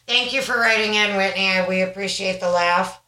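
Bright-voiced mom co-hosting a podcast. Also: female voice, medium pitch, fairly quick. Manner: chatty storyteller, animated and reflective. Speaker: podcast co-host. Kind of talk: casual chat. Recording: roomy echo.

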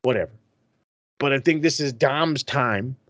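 A man's voice: mid-range voice, measured pace, a bit bright, no room sound, highs cut off. A man co-hosting a casual wrestling chat, talking in an emphatic, profane way. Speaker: podcast co-host.

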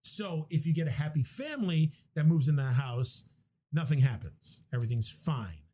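A young man in casual podcast chat, swearing freely as he excitedly retells a movie plot. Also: a little high, normal speed, slightly rough. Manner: animated, profane movie retelling.

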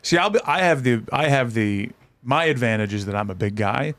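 A man co-hosting a podcast in casual chat, laid-back and quick with wisecracks. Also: medium pitch, animated, a bit bright, no room sound. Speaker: podcast co-host.

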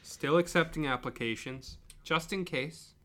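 A man's voice: fairly high pitch, measured pace, sharp tone. A man co-hosting a casual podcast, making dry jokes at his co-host's expense. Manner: dry joking. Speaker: podcast co-host.

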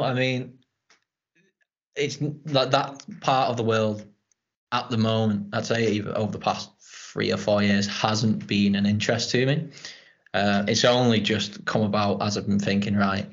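A young man hosts a laid-back chat, rambling and swearing now and then. His voice sits slightly low, and the recording sounds a bit muffled. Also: moderate pace. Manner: rambling, relaxed, swears casually. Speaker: podcast host. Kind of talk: casual chat.

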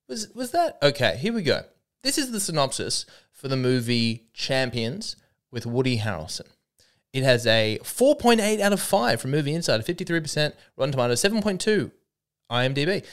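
Aussie comedian guy rambling on his podcast, smooth clear voice, talks himself in circles. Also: medium pitch. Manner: rambling, self-mocking, jumps between bits. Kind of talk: solo comedy podcast monologue.

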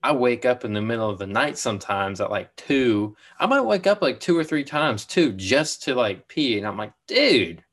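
A man's voice: mid-range voice, big pitch swings, normal speed, hardly any pauses, a bit bright. A young man co-hosting a podcast in casual chat, laid-back, saying "dude" and "like" a lot. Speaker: podcast co-host.

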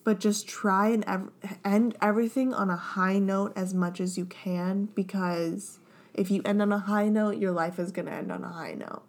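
A woman's voice: mid-range voice, fairly even intonation, normal speed. Woman podcast co-host, tipsy and effusive, casual and sweary. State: tipsy on champagne. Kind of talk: casual chat.

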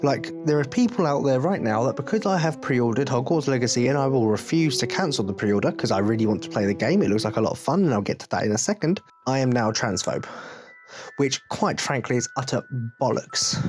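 A man's voice: medium pitch, animated, brisk, a little mellow, faint music behind. Blunt, swearing English man ranting. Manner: blunt, jokey, swearing freely. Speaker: podcast host. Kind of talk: casual rant.

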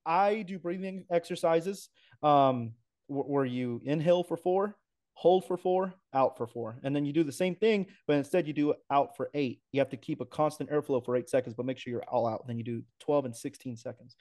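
Emphatic, upbeat man with a brighter tone. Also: fairly high pitch, normal speed. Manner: enthusiastic, emphatic, talks at length with playful asides. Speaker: racing announcer, podcast guest. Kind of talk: casual podcast interview.

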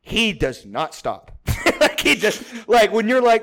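Man from Texas, podcast host, high voice, casual storytelling, rambling, profane, laughs a lot. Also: big pitch swings, measured pace, fairly bright tone. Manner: rambling, profane, laughs often, many restarts.

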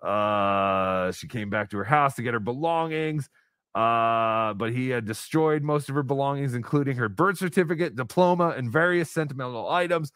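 A man's voice: medium pitch, moderate pace, a bit bright, smooth, no echo, clean studio sound. A man hosting a casual live-stream podcast, rambling with lots of fillers. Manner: rambling, hesitant, with many fillers. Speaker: podcast host.

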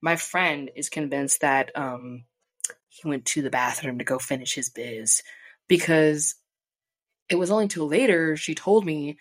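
A young woman vlogger casually telling a profane, animated story, acting out the people she quotes. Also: low-pitched, unhurried. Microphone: desk mic.

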